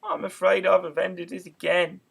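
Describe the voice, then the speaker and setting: A man's voice: high voice, little pitch movement, moderate pace, gravelly, a bit bright, slightly rough, heavily acted. A man voicing a curious, chatty young girl who talks in an eager, prim and rambling way in an amateur audiobook reading. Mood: sorry.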